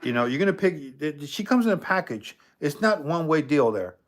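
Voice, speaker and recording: A man's voice: a little high, brisk. Streetwise man chatting, scolding a spirit. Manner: streetwise, scolding, animated asides. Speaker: paranormal streamer. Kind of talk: casual spirit-box chat.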